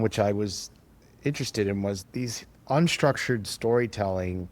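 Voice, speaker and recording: Lower-pitched man telling animated stories. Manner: animated, acts out quoted dialogue, frequent restarts. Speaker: tech entrepreneur guest. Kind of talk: conversational storytelling.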